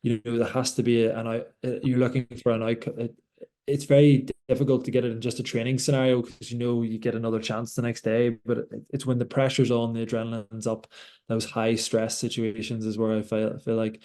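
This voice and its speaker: Young man with a dark, flat voice. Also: medium pitch, a little fast. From Ireland. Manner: reflective, many restarts and repeated words. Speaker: doctor and Olympic rower. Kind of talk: conversational interview.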